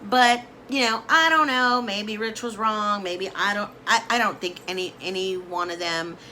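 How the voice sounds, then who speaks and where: A woman vlogger ranting casually to camera about beauty influencers, emphatic and animated, repeating words for emphasis and calling people honey. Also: mid-range voice, normal speed, a little hiss or hum, poor audio. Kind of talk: casual opinion rant to camera.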